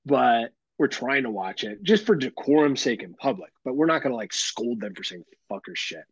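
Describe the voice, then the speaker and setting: A man's voice: mid-range voice, lively intonation, moderate pace, slightly rough, dry recording, highs cut off. A man hosting a podcast, chatting casually and animatedly, swearing freely and laughing often. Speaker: podcast host. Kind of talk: casual chat.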